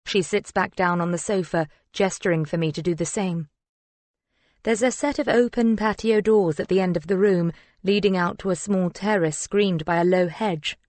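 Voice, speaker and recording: A woman narrating a first-person thriller audiobook in a measured, reflective storytelling manner. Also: on the low side, fairly even intonation, a little mellow, no room sound.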